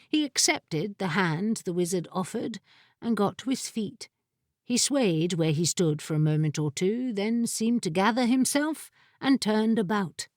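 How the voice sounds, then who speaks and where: A woman narrating a fantasy audiobook in a measured storytelling manner. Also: mid-range voice, animated, a little mellow, no room sound, studio quality.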